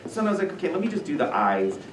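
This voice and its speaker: A man telling stories casually to a school audience as a visiting author, animated and self-deprecating with many fillers. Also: on the high side, very fast. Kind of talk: casual storytelling talk to students. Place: school room. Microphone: far room mic. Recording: echoey room from far off, noisy.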